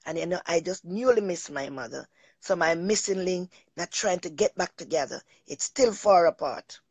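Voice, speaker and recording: A woman's voice: fairly low pitch, moderate pace, darkish tone, slightly rough, no room sound. A middle-aged woman hosting a talk show, telling a personal story in an emotional, rambling way and often repeating herself.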